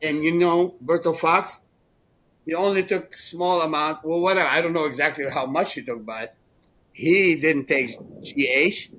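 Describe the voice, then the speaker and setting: Sixties male co-host, animated rambling storyteller, slightly high pitch. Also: normal speed, poor audio. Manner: rambling, animated, laughs often. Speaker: podcast co-host. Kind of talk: casual storytelling chat.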